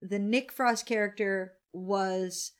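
A woman's voice: mid-range voice, fairly even intonation, takes it slowly. A woman in her forties hosting a casual podcast chat over wine, candid and grumbling, swearing freely. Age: 40s. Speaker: podcast co-host.

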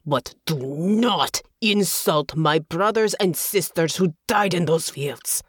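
Woman voicing a fierce young soldier woman, audiobook, low cold growl, slow clipped words, dry sound. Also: husky, dry recording. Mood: furious. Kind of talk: audiobook character voice.

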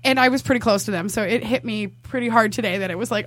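A woman's voice: mid-range voice, quick pace, a bit bright, breathy edge. A woman co-hosting a podcast, telling a personal story in casual chat, rambling with many restarts. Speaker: podcast co-host.

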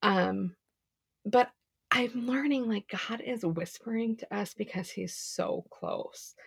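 A young woman shares a casual faith devotional on a podcast, earnest and chatty, dropping "like" into nearly every phrase. Her voice sits mid-range with a gravelly fry and a husky, breathy grain. The sound is dry and close. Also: medium pitch, slow, no room sound. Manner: earnest, chatty, heavy filler "like".

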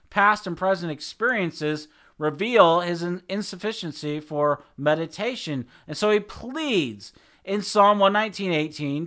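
A man's voice: a little high, pushed and bright. A man preaching a sermon in an earnest, emphatic way, now and then repeating words as he restarts a phrase.

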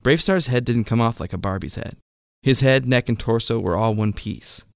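A man telling a true childhood story in a deadpan, wry manner. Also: medium pitch, moderate pace, gravelly, no room sound. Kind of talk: first-person comic storytelling. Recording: close dry mic with faint music.

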